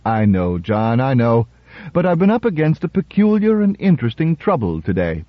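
A man reading aloud and voicing a smooth, self-assured male lawyer-politician with a wry, gently teasing manner. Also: mid-range voice, wildly swooping pitch, moderate pace, no room sound, voice pushed up. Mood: warm. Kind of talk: radio story reading. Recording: dull, dry radio recording.

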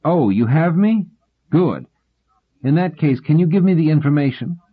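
A man reading the lines of a wry, scholarly grown man, earnest and a bit exasperated, in a husky voice. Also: fairly high pitch, animated, moderate pace, pitched above the performer's own voice. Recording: tinny phone-like sound.

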